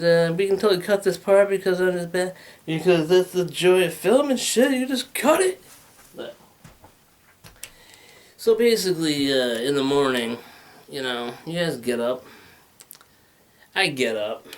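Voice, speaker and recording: A man in his thirties doing a rambling, crude stand-up comedy set, acting out voices and talking into a handheld microphone. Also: a little high. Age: 30s. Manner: rambling, crude, acts out voices with big swings.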